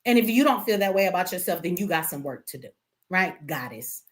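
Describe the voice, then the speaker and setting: A woman's voice: fairly low pitch, sing-song, brisk. A middle-aged woman, hosting a livestream and talking bluntly, profanely and with heat to her viewers. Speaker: livestream host. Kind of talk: emotional livestream rant.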